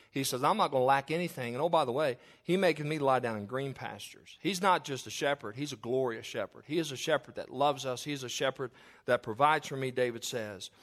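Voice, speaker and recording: A man's voice: mid-range voice, fairly bright tone. Earnest preacher man. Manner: earnest preaching, reads scripture aloud with emphasis. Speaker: pastor. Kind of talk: funeral sermon.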